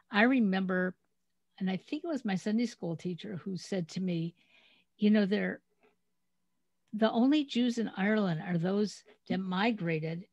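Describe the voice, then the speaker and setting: Middle-aged woman host, chatty storyteller, medium pitch, dry close sound, remote call. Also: no echo. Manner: storytelling, chatty, animated retelling. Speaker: podcast host. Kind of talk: casual interview chat.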